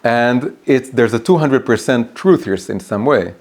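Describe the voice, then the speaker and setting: A man of middle pitch teaching a class as a rabbi, animated and quick to restart his thoughts. He tells stories and explains ideas in a casual lesson in a private home. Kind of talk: storytelling lesson.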